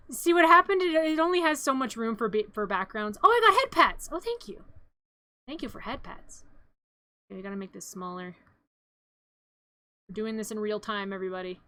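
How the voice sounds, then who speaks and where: High bright girl streamer rambling thru a movie recap, lots of little asides. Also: very animated, normal speed, pauses often, no echo. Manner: playful, rambling, self-interrupting asides. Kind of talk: comic live-stream retelling of a film.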